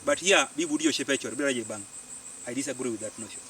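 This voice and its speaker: A man's voice: medium pitch, brisk, slight background noise. Ugandan man telling a story outdoors. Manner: animated storyteller, repeats phrases for emphasis. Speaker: farmer and community organiser. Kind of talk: storytelling interview. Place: outdoors on a farm. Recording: distant mic outdoors, faint insects.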